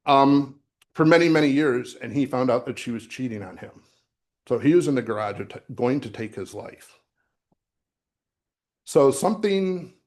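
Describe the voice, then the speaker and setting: A middle-aged man giving a sermon as associate minister, talking in a conversational way with fillers and restarts, recorded in a church sanctuary. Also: mid-range voice. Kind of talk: sermon with personal story.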